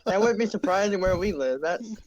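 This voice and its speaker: A man co-hosting a casual podcast, agreeing quickly and chiming in. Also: sits high, lively intonation, muffled recording, slight background noise. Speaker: podcast co-host. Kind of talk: casual chat.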